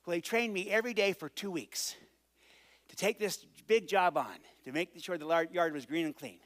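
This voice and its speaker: A man speaking to an audience, telling a childhood story with lively acted-out dialogue. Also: sits high, moderate pace. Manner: animated storyteller acting out dialogue. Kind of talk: storytelling speech.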